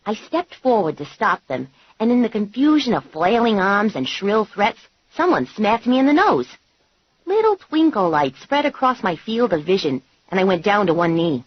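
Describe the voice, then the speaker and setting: A woman reading a comic novel in the first person, with a wry, animated delivery. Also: medium pitch, normal speed, breathy edge, no room sound. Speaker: audiobook narrator. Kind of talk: scripted audiobook narration. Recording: dull, dry lo-fi recording.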